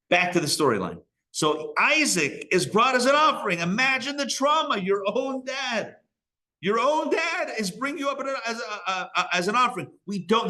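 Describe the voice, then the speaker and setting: A man's voice: sits high, pushed and bright. A man teaching a live Torah class as a rabbi, casual and joking with frequent digressions. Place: synagogue learning center.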